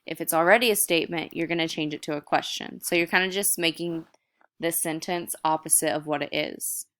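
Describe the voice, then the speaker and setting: A woman's voice: low voice, fairly even intonation, a little fast, a bit bright. A young woman teacher recording a video lesson, explaining step by step in a casual way.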